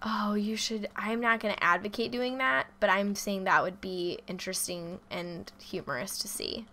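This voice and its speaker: A woman's voice: medium pitch, fairly even intonation, normal speed, sharp tone. A woman hosting a casual Minecraft let's play, chatting playfully and teasing her co-player. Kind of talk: casual gameplay chat.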